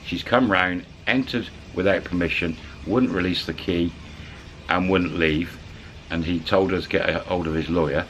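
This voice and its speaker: A man casually retelling a story to camera, animated and colloquial, slipping into the voices of the people in it. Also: low-pitched, moderate pace, slight background noise. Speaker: channel storyteller.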